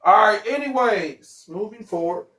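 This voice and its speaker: Male livestream host, somewhat high voice, lively, profane and joking. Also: moderate pace. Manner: animated, profane, joking, bursts into yelling. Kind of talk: casual livestream chat.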